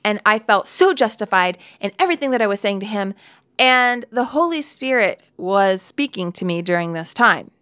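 A woman's voice: medium pitch, expressive, moderate pace, fairly bright tone, clear, resonant tone, no echo. A woman in her forties giving a candid devotional Bible talk, telling a personal story with laughs and asides, into a close studio mic.

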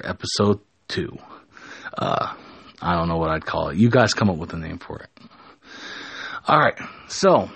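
A man with a low, husky voice narrates an improvised story in a relaxed, casual way. He often restarts and corrects himself mid-sentence, and his voice sounds dry and close to the mic. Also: no room sound. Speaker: storyteller and show host.

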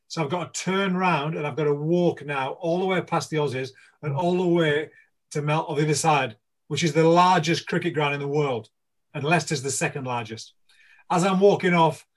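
A man's voice: a little high, normal speed. A middle-aged man from England, a former cricketer, chatting casually as an interview guest and telling stories with acted-out voices of teammates. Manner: animated storyteller, acts out voices of teammates.

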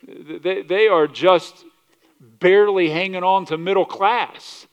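A male pastor preaching a sermon, animated, asking rhetorical questions and often restarting his words. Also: high-pitched, slow pace, clean tone, highs cut off. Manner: animated, rhetorical questions, acts out quoted voices; repeats words and restarts mid-sentence.

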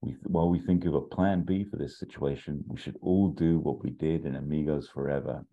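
Man voicing an earnest male actor, very low, dull lo-fi recording. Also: fairly even intonation, a little fast.

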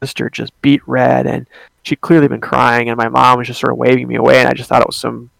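Gravelly young man telling a story. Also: mid-range voice, flat delivery, fairly bright tone, no room sound. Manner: rambling, halting, many fillers and restarts. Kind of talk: casual storytelling.

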